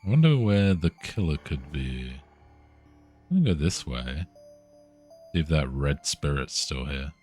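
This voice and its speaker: A man with a very deep voice streams a horror game live. He reads the on-screen text aloud and reacts with swearing and dry, self-mocking jokes. Faint game music sits behind him. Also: big pitch swings, unhurried, long pauses, darkish tone, husky.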